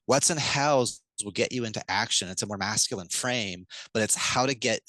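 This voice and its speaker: A man with a fairly low voice, talking as a podcast guest, quick and animated. He acts out parent lines to a child as he explains. The mic is close and dry, with no room sound. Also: dry recording, poor audio. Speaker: guest speaker on parenting communication. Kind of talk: enthusiastic podcast interview.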